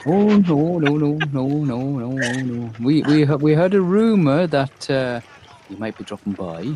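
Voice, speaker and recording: A man's voice: mid-range voice, animated, measured pace, pitched above the performer's own voice, close to an everyday voice. A man voicing a flustered, over-polite male gate guard who stammers through his replies, with faint noise behind.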